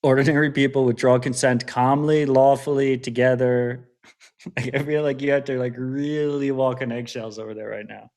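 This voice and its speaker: A man's voice: mid-range voice, little pitch movement, moderate pace, a little mellow. A man co-hosting a podcast in casual chat, talking loosely with fillers and restarts. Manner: hesitant, restarts with filler words. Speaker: podcast co-host.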